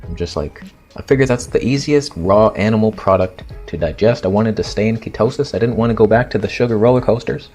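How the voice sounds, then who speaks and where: A man's voice: fairly low pitch, fast talker, hardly any pauses, a little mellow, faint music behind. A man in his thirties telling a personal story in a blunt, dramatic and self-mocking way, acting out his own reactions. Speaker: fitness influencer telling a story.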